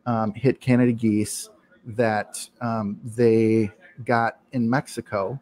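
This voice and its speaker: A man co-hosting a casual podcast, telling a long story with many ums and pauses. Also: medium pitch, little pitch movement, a little mellow. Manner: hesitant, many ums, laughs often. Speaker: podcast co-host. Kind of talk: casual chat, rambling anecdote.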